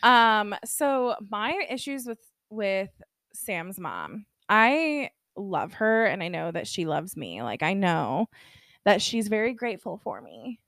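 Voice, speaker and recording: A woman's voice: medium pitch, sing-song, takes it slowly, fairly bright tone, no echo, clean studio sound. A young woman co-hosting a podcast in casual chat, frank and reactive, swearing casually. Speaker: podcast co-host.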